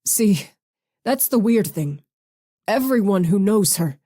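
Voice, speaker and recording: A woman reading an audiobook, voicing a worried man calling about his missing girlfriend, in a halting, anxious way. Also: mid-range voice, expressive, warm tone. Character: worried adult man on a phone call.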